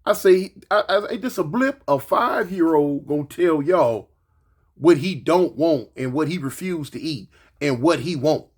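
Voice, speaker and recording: Man, 40s, grandfather. Raised voice, animated storytelling, acts out every quote. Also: fairly high pitch, a little slow, slightly rough. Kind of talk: casual storytelling monologue.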